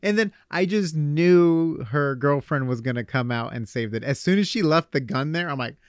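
A young man hosting a podcast, chatting casually in an animated way. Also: fairly high pitch, smooth, dry recording, studio quality. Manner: animated, quick asides and laughs. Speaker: podcast host. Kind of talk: casual chat.

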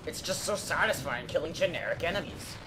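A man's voice: a little high, expressive, a little fast, sharp tone, a little hiss or hum. Wry young man playing a game. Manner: dry, wry remarks. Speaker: co-host of a let's play. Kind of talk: casual gameplay commentary. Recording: game music underneath.

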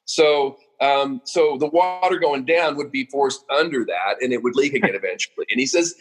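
A man's voice: medium pitch, animated, normal speed, few pauses, slightly rough, poor audio. A middle-aged man from Oregon, a business founder, telling personal stories on a podcast in an emotional, self-deprecating way with frequent restarts. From Oregon, USA. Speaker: guest, roofing company founder. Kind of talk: casual podcast storytelling.

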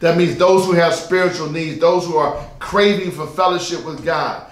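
A man's voice: on the high side, normal speed. Man, pastor, sermon, emphatic and repetitive, rhetorical questions, echoey room.

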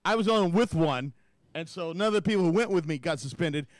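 A man's voice: on the high side, expressive, quick pace, no echo, clean studio sound. A man, telling profane rambling stories in casual podcast chat. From United States. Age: 50s. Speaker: podcast host.

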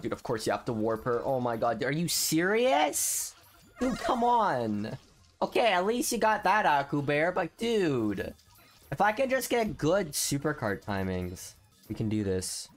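A young man giving casual gameplay commentary, swinging between low grumbling and excited shouts. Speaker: gaming video host.

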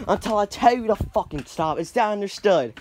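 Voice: medium pitch, expressive, brisk, a little mellow, a little hiss or hum. A performer in a homemade puppet comedy, barking drill orders and swearing.

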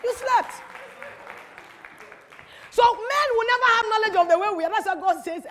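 A woman giving an animated, teasing church talk to an audience, full of rhetorical questions. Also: extremely high pitch, normal speed, long pauses, long reverb tail, a faint crowd. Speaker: speaker at a church teaching. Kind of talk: lively sermon-style talk to an audience.

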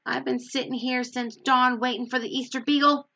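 A woman's voice: sits high, little pitch movement, moderate pace, vocal fry, sharp tone, pitched above the performer's own voice, full character voice. A woman voicing an impatient, indignant little girl in a storybook read-aloud.

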